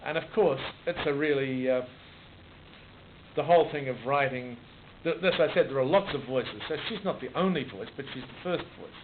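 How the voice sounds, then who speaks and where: Australian man in his 60s, halting. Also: mid-range voice. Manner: halting, with frequent restarts and repeated words. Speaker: author being interviewed. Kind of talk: reflective conversational storytelling. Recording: muffled phone-like recording with noise.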